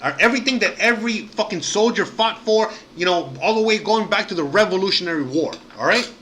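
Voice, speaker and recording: Guy going off on a profane rant to his stream, high and sharp, super heated. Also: lively intonation, brisk, a little hiss or hum. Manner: heated, profane and outraged, with frequent fillers. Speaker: live-stream host. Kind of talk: casual ranting monologue to viewers.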